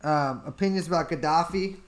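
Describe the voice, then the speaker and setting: A man hosting a casual livestream, reading out chat questions and answering them in an offhand, deadpan way at a desk mic. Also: on the high side, a little fast. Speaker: podcast host answering chat.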